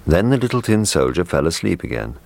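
A man reading a children's story aloud in a gentle, measured storytelling manner. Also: sits low, very animated, vocal fry, dry recording.

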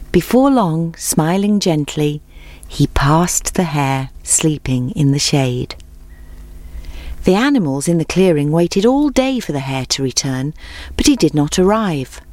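Low-voiced woman reading a storybook. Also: a little mellow, no echo. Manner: clear, measured reading. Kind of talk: storybook narration.

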